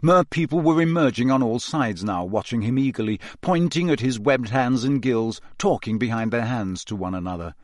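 A man giving a measured, expressive scripted narration of a fantasy novel. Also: mid-range voice, no echo, clean studio sound. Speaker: audiobook narrator.

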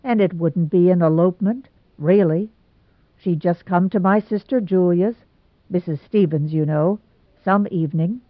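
A woman narrator plays a gloomy, lovesick young man, earnest and complaining, pushing his words out louder. The sound is thin and phone-like, with no room in it. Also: fairly low pitch, moderate pace, dry recording, lightly acted. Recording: tinny phone-like sound, dry.

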